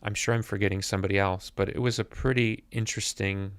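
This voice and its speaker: A man's voice: lowish voice, steady tone, quick pace, clean tone, no echo. A man in his fifties, a musician guest talking thoughtfully on a podcast and often repeating words as he searches for them. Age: 50s. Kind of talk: reflective interview conversation. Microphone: podcast mic.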